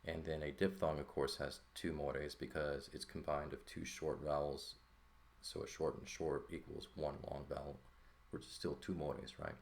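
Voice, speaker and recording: A man with a very low, gravelly voice explains a language lesson at an easy pace. He thinks out loud and keeps checking in with the listener. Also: moderate pace. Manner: relaxed, thinking aloud with frequent "right?" checks. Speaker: Greek teacher. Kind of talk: casual lesson walkthrough.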